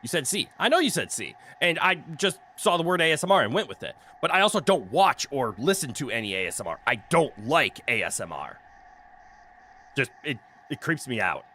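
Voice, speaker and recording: A man chatting while he streams a game, his voice bright and sharp-edged and bouncing all over his range. He cracks jokes, swears freely and laughs often. He speaks into a desk mic with a noise canceller. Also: mid-range voice, big pitch swings, brisk. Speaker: streamer playing a video game. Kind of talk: casual live-stream commentary.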